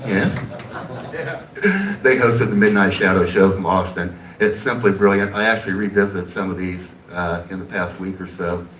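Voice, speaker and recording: A man's voice: deep voice, fairly even intonation, brisk, few pauses, a bit bright. A man presenting an award at a ceremony, joking and getting teary as he praises a friend. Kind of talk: ceremony introduction speech. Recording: echoey hall, distant mic, noise.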